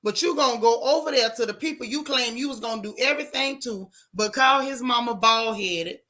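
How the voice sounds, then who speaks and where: A woman hosting a livestream from her car, giving sassy, animated commentary and reading viewer chat aloud. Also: a little high, a little fast. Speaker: livestream host. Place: in a car while driving.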